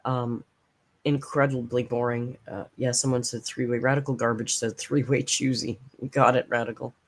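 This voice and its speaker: A woman's voice: a bass voice, level tone, normal speed. A woman hosting a reaction channel, giving blunt, sarcastic casual commentary and swearing freely.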